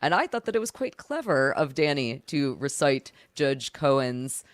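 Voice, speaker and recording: A woman's voice: a bass voice, big pitch swings, normal speed, dry recording. A woman hosting a casual commentary on a court case, reading a filing aloud and then mocking it with sarcasm. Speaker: host reading a legal filing.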